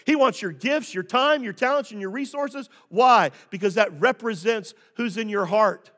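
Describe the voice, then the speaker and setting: A man preaching a sermon as pastor. He talks in a conversational way, asks the listeners questions and sometimes rises to emphatic shouts. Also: sits high, normal speed. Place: church sanctuary, also streamed online. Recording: long reverb in a large hall.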